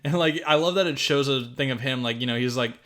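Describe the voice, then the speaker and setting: A man's voice: medium pitch, fast, fairly bright tone. A man hosting a podcast, recapping a film in a rambling, laughing, swear-heavy casual chat. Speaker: podcast host.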